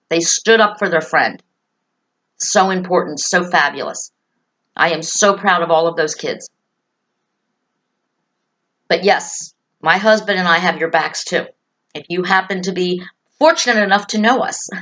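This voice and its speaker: A woman's voice: lowish voice, a bit bright. A woman hosting a talk show, speaking earnestly and emphatically to parents and children, repeating key phrases to reassure them. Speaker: host.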